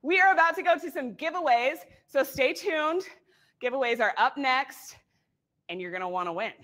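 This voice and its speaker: High bright breathless woman coaching a workout. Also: lively intonation, moderate pace. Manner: upbeat, encouraging cues with whoops. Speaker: fitness instructor.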